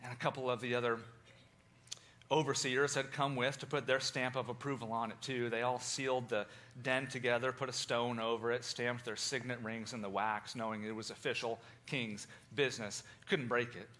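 A man telling a Bible story in first person with theatrical, animated delivery, addressing listeners directly. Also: mid-range voice, moderate pace, slight background noise.

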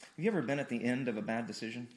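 A man's voice: medium pitch, rapid-fire. A male pastor from Missouri, preaching a conversational sermon in a church and repeating words as he builds emphasis. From Missouri, USA. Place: church hall, streamed online.

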